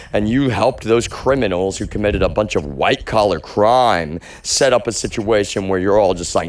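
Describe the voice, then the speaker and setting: Low-voiced man ranting on a livestream. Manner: rambling, agitated, heavy swearing; addresses viewers as "y'all". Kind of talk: livestream rant.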